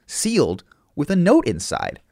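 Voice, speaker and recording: A man's voice: a little high, huge pitch swings, unhurried, gravelly, a little mellow, no echo, clean studio sound. A man co-hosting a comedy podcast, rambling through jokey stories with plenty of fillers. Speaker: podcast co-host.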